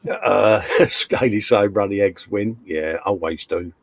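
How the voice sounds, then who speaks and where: A man's voice: fairly low pitch, takes it slowly, gravelly. A man hosting a casual live stream, chatting and reading out viewer comments in a jokey way.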